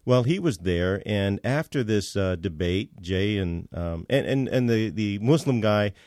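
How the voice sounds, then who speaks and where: Low-voiced man telling a story, halting. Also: lively intonation, darkish tone, no echo, clean studio sound. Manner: halting, with many fillers and restarts. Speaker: guest. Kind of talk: storytelling in casual conversation.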